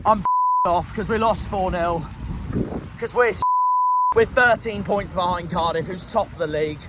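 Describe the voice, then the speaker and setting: A young man with a West Country accent, ranting angrily and swearing after a football loss, recorded outdoors. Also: sits high. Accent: West Country English. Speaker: football fan vlogger. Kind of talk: angry post-match rant. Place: outdoors in a city street. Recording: outdoor street noise, traffic.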